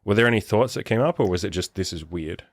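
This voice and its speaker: A man's voice: on the low side, quick pace, no echo, studio quality. A man hosting a podcast, talking frankly as a life coach in casual chat, with some swearing.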